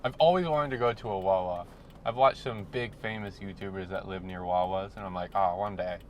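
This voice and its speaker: A man rambling casually through a road-trip vlog while he drives, getting easily excited. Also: sits low, a little fast. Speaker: vlogger. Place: inside a moving car. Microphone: dash-mounted action camera. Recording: loud road and engine noise.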